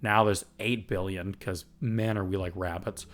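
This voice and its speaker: A man's voice: sits low, fairly even intonation, moderate pace. A man hosting a recovery podcast, talking earnestly and getting fired up, with the odd swear and laugh. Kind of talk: reflective recovery podcast talk.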